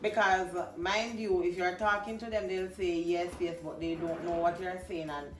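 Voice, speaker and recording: A Jamaican woman from Jamaica hosting a casual conversation, animated and slipping into patois. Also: fairly low pitch, normal speed, distant mic. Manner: animated, laughs often, slips into patois. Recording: echoey room, voice off-mic, faint music.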